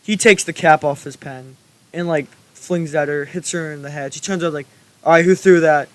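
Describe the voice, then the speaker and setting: A man's voice: fairly high pitch, steady tone, brisk. A young man telling a school story in a casual, rambling way, full of fillers and swearing. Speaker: storytelling YouTuber.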